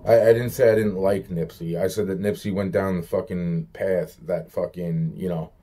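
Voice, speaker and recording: Deep-voiced man ranting, profane and exasperated. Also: fairly even intonation, moderate pace, mellow. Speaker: vlogger. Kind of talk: rambling solo rant.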